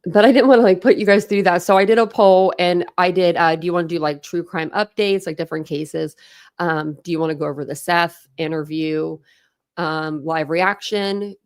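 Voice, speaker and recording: Clear and resonant, her steady voice sits on the low side and moves at a moderate pace, captured at studio quality with no echo. She's a true crime channel host running a relaxed livestream from home, where she chats, welcomes viewers and laughs a lot.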